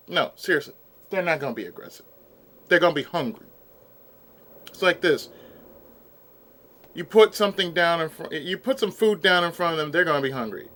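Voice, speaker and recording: A man's voice: on the high side, animated, fairly quick, long pauses, sharp tone. A man vlogging in a casual, exasperated rant, sometimes eating as he talks. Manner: exasperated, ranting, eats while talking. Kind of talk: casual ranting commentary.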